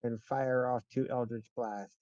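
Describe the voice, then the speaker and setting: A man's voice: medium pitch, steady tone, measured pace, darkish tone, no room sound, highs cut off. A man playing in a tabletop game, talking in a laid-back, joking way. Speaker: player. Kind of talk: casual tabletop game chat.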